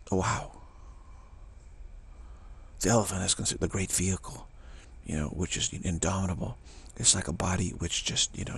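A deep, gravelly male voice with a breathy edge delivers a rambling, emphatic spiritual talk as a teacher, frequently dropping into whispers. He's in the Bay Area, California.

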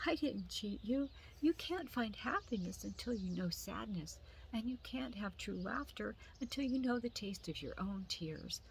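A woman's voice: mid-range voice, expressive, a little slow, gravelly, a little hiss or hum. A woman voicing a kind male rabbit in a storybook, speaking in a soothing, reassuring way.

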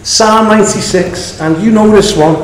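A man preaching a sermon, emphatic and animated, often laughing at his own asides. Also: sits high, normal speed, reverberant, slight background noise, poor audio.

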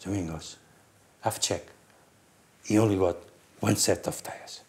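A Portuguese-accented man putting on a polite, apologetic executive, speaking softly and formally. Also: deep voice, fairly even intonation, a little slow. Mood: matter-of-fact.

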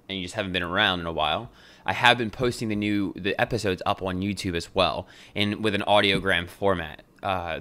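A man's voice: on the low side, fairly bright tone. A young adult man hosting a podcast, talking in a loose, jokey way and swearing freely. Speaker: podcast host. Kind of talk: casual podcast monologue.

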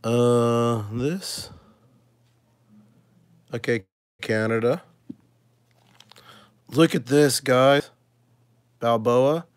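A man hosting a casual coin-collecting video, chatting to his viewers and thinking aloud as he sorts, with excited little exclamations. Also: medium pitch, extremely slow, pauses often, clean tone, no room sound. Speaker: coin collecting channel host. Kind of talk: casual live coin sorting chat.

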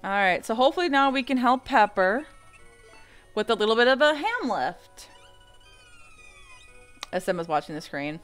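A woman's voice: a little high, sing-song, normal speed, pauses often, a bit bright. A woman hosting a let's-play, chatting casually and joking through the game. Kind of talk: casual gameplay commentary. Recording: faint game music behind.

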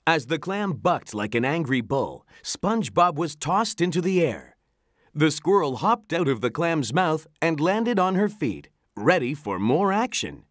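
An animated storybook narrator with a lively, rising and falling delivery. The reading sounds close and dry, with no room around it. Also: medium pitch, a little slow, dry recording. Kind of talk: storybook read-aloud.

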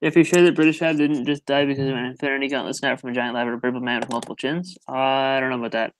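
A man's voice: mid-range voice, little pitch movement, fast, slight background noise. A man hosting a casual livestream, chatting and joking in a dry, matter-of-fact way. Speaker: livestream host.

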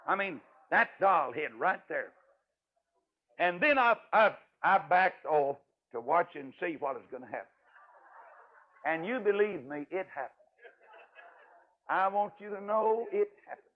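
An older man, an evangelist preacher, telling a folksy, emphatic story in a sermon, his voice swinging from loud to hushed. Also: sits high, expressive, measured pace, long pauses. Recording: tinny radio broadcast audio.

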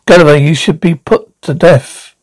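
A man voicing a courtly, old-fashioned male traveller who speaks in formal archaic phrases, sometimes halting. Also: a little high, a little mellow, no echo, natural voice, poor audio.

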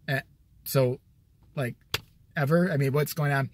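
A man's voice: medium pitch, slow, long pauses, darkish tone. A man telling a profane, sarcastic comic rant with an exasperated edge. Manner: sarcastic, swears a lot, exasperated. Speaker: vlogger.

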